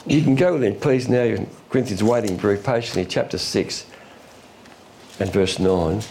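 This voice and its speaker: A man preaching a sermon in a folksy, illustrative way, with quick asides and chuckles. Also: lowish voice, dark tone, a little hiss or hum. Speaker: pastor.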